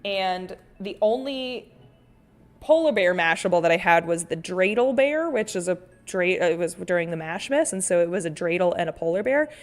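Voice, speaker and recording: An artist runs a laid-back art livestream, her fairly low voice lively in intonation and moderate in pace, with faint music behind her. She wanders through her talk with fillers and restarts, reading chat messages out loud and addressing viewers as "honey" and "sweet bean."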